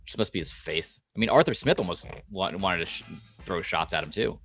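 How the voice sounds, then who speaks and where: A man's voice: low-pitched, expressive, brisk, a bit bright, soft background music. A young man guesting on a sports podcast, blunt and rambling, with casual swearing.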